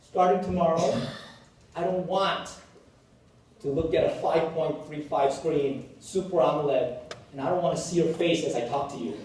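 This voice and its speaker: A man's voice: on the high side, moderate pace, a little mellow, slight background noise, lightly acted. Lecturer putting on his blunt thrifty old dad, echoey hall, distant mic. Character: gruff retired older father, blunt and thrifty. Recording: echoey hall, picked up from afar.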